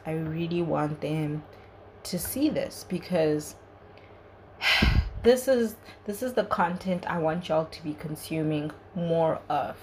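A woman's voice: low voice, a little hiss or hum, poor audio. A young woman hosting a podcast, giving an earnest, chatty solo review full of "like" and "you know". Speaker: podcast host.

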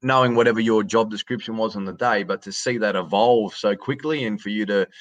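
Australian man, low and matey. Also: no echo. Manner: rambling, repeats words, says mate often. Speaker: stadium announcer, guest. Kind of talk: casual podcast conversation. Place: hotel quarantine room.

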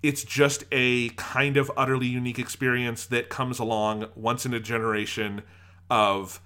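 A man's voice: mid-range voice, flat delivery, moderate pace, pushed and bright. A man co-hosting a casual podcast about anime, gushing with enthusiasm and acting out his own reactions. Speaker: podcast co-host.

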